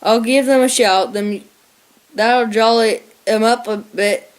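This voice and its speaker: A woman reading the part of an eager old male shrew who shouts for his friends. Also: on the high side, fairly even intonation, slow, clear, resonant tone.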